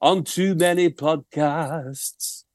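A man's voice: fairly high pitch, over music. A man doing a drawling northern rock singer. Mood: drawling apology. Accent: northern English put-on. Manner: slow drawling mumble. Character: famous male rock singer, laid-back and slurring.

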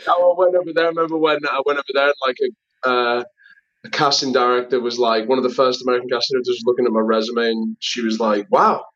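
Talking fast in a mid-range, fairly bright voice with fairly even intonation, this Liverpool man tells stories as a guest in a casual interview. He's an actor and writer who acts out quoted voices and uses many fillers. The recording sounds slightly dull and lo-fi.

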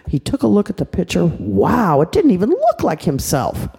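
An older woman, a grandmother, narrating a children's story in an animated, chatty way, full of asides. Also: mid-range voice, normal speed, gravelly, husky.

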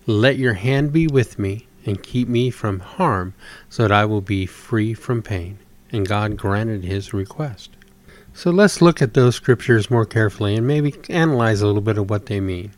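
A man preaching, reading scripture aloud in a measured, devotional way and telling short stories with acted-out voices. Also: fairly low pitch, animated. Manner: acts out voices in told stories.

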